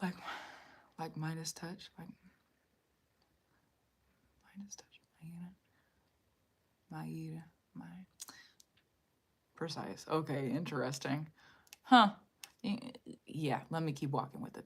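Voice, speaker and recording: A woman hosting a live-streamed card reading. She muses aloud, repeats her phrases and speaks directly to her viewers, sometimes dropping to a soft whisper. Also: low-pitched, slow, creaky, pauses often, slightly rough. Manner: repetitive, musing, talks to viewers directly.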